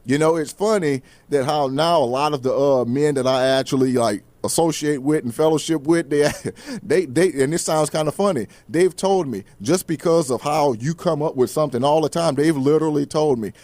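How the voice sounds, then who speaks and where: Dry close-miked motivational host, folksy. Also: male voice, fairly high pitch, normal speed, a little mellow, dry recording. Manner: casual, repeats words, folksy asides. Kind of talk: motivational faith talk show.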